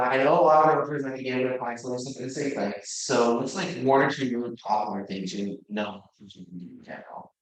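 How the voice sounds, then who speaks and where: A man gives an energetic, loosely delivered sales pitch to a group of agents. His voice sits at a medium pitch. The room around him is roomy and echoey. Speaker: sponsor giving a product talk. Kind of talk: sales presentation.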